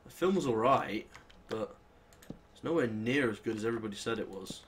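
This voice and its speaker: A young British man with a British accent, chatting and swearing casually as he plays through a modded game, with sudden excitable outbursts. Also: on the low side, fairly quick, slight background noise. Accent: British English. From Britain. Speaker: gaming channel host. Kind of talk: casual Let's Play commentary.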